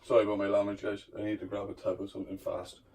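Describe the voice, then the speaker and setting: A man's voice: lowish voice, completely flat delivery, very fast, darkish tone, breathy edge. A man giving a casual room-tour vlog of his tarantulas at home in his bedroom. He chats freely, swears, and coaxes and scolds his spiders as he goes. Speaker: tarantula keeper showing his collection.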